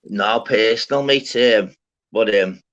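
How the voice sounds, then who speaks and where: A man's voice: fairly low pitch, slow pace, a bit bright. A man hosting an open-panel live stream, chatting casually with slangy, swearing banter. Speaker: livestream host. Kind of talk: casual chat. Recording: dull lo-fi stream audio.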